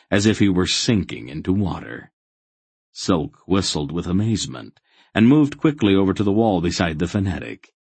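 Man, audiobook narrator, husky voice, dry close recording. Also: sits low, darkish tone, no room sound.

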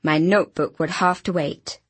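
Woman reading an audiobook, wry and brisk, slightly low husky voice, dry close sound. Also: fairly even intonation, dry recording. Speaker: audiobook narrator. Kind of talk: scripted narration.

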